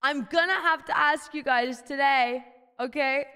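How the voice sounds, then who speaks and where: A woman's voice: high voice, unhurried, bright, forceful tone, big-room sound. A woman streaming while sick with covid, chatting casually with a crude, teasing, playful manner. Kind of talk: casual live-stream chat.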